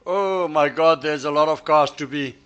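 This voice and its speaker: While sim racing on stream, a man teases his friends in casual voice chat, frequently restarting and repeating words. His fairly high voice is clean and a bit bright, though the audio sounds dull.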